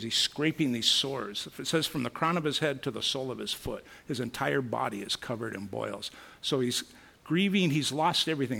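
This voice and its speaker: Man, preacher, Bible teaching, earnest, musing, raspy, gritty. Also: mid-range voice, sharp tone. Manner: earnest, musing, reads scripture aloud.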